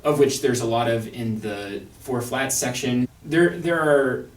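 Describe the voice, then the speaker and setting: Speaking at a medium pitch and a slightly slow pace, this young man walks through a violin excerpt from the orchestral repertoire. He's reflective and wry, often restarting and using fillers, recorded from afar in a reverberant room.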